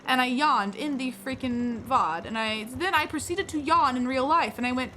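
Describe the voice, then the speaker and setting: A woman's voice: high voice, normal speed, pushed and bright, a little hiss or hum. A woman streaming a game live, chatting with viewers in a playful, rambling, self-deprecating way. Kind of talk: casual live gameplay commentary. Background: game music.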